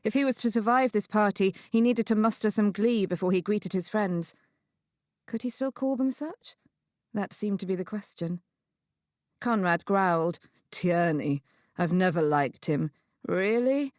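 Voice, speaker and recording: In clean studio sound without any room tone, a female audiobook narrator with a mid-range voice reads from a historical romance novel. Her scripted narration stays even and measured throughout.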